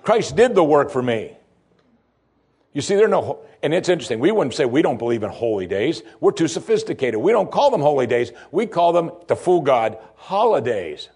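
A man preaching a sermon, lively and humorous, who drops his voice low and soft when quoting pleas. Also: brisk, slightly rough. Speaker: pastor.

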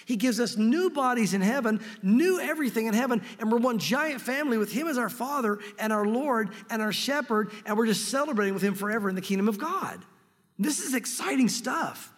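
Guy preaching bible study, high voice, excited and earnest, long reverb. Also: husky. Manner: earnest, excited Bible teaching, reads scripture aloud. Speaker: pastor. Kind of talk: sermon.

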